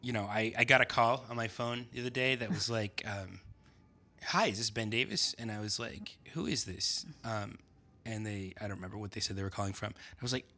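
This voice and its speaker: A man talking casually in a conversation, pausing often with fillers and restarts. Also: lowish voice, level tone, sharp tone. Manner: halting, many fillers and restarts. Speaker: writer and podcast guest.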